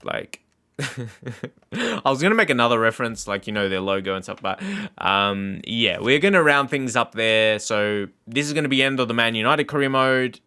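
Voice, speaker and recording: A man's voice: medium pitch, lively intonation, moderate pace, bright, forceful tone, smooth. A man hosting a gaming video, chatting casually in a rambling way and laughing often as he talks viewers through the game. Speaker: gaming channel host. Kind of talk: casual gameplay commentary.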